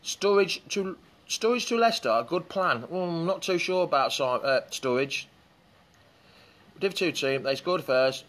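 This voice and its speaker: A man's voice: on the high side, animated, a little slow, fairly bright tone. A man hosting a casual live fan stream outdoors beside a swimming pool, chatting loosely and greeting viewers by name as their comments come in. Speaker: fan show host. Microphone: phone or camera set up by the pool.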